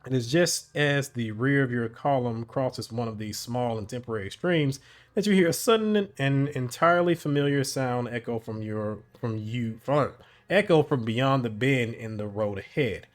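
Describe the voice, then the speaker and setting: A man reading an interactive adventure story aloud, narrating at a measured pace and often stumbling and correcting himself. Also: medium pitch, animated. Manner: measured narration with frequent slips and self-corrections.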